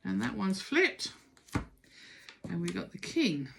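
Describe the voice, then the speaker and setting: A woman's voice: medium pitch, very animated, slow pace, gravelly, background noise. A middle-aged woman giving a casual spoken tarot reading, emphatic and urging, repeating words for stress. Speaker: tarot reader.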